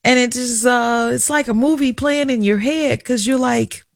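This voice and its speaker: A woman's voice: fairly high pitch, fairly even intonation, normal speed, gravelly, no room sound, clean studio sound. Emotional middle-aged woman radio host. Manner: candid, emotional, confiding, chatty. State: tearful at times. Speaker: radio talk show host. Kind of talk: emotional personal radio monologue.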